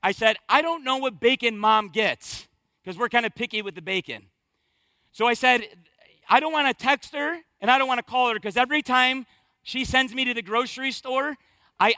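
A middle-aged male pastor tells a family story from the pulpit, then slows and builds his points for emphasis. His voice sits unusually high, with a bright, forceful tone. The sound is dry and close, with no room echo. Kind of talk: sermon with personal story.

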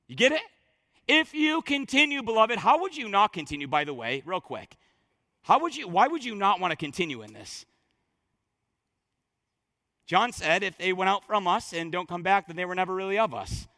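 A male pastor preaching a sermon in church, emphatic, swinging from loud declarations to hushed, near-whispered lines. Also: high voice, very animated, normal speed, long pauses, no room sound, clean studio sound.

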